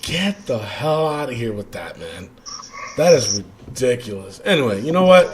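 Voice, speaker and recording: A man co-hosting a casual podcast, animated and quick to vent, laughing often as he talks. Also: medium pitch, a little hiss or hum. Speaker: podcast co-host. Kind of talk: casual chat.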